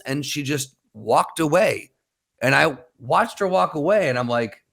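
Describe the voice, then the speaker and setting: A man in the middle of a podcast anecdote, with a voice of ordinary pitch. He narrates casually and slips into the voices of the people in the story. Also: fairly quick, a bit bright. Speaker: podcast co-host. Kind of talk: casual chat.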